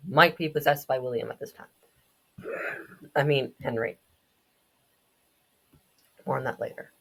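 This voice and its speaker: A young woman with a notably low voice chats her way through a game's backstory. She drifts easily into joking asides and quick tangents, in a casual, offhand tone. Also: gravelly, a bit bright, husky. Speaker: game lore commentator. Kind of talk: casual commentary.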